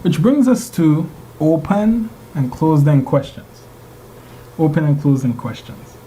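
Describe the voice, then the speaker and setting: Mellow-voiced male instructor lecturing a class. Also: on the high side, animated, measured pace, a little hiss or hum, rough recording. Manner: engaging, asks the class rhetorical questions.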